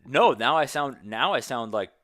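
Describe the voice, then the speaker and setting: A man's voice: medium pitch, animated, normal speed, fairly bright tone, no room sound, clean studio sound. A young man talking candidly as a podcast guest, earnest and rambling with many restarts. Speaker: podcast guest, strength coach. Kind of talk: candid conversational interview.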